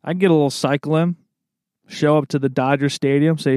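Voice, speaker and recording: A man's voice: a little high, fairly even intonation, fairly quick, darkish tone, smooth, dry recording, studio quality. A young man hosting a casual solo chat, rambling in a laid-back way and calling everyone "man" and "dude.". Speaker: podcast host.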